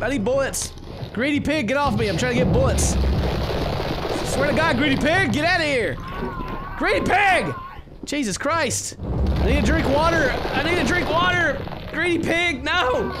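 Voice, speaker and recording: A young man giving goofy let's-play commentary, yelling and joking at the game. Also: extremely high pitch, expressive, moderate pace, loud music behind the voice. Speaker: gaming commentator.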